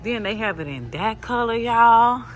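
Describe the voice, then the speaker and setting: A woman's voice: on the high side, lively intonation, measured pace, faint music behind. Chatty woman vlogging while shopping. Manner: chatty, addresses viewers as y'all. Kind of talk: casual shopping vlog. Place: discount clothing store.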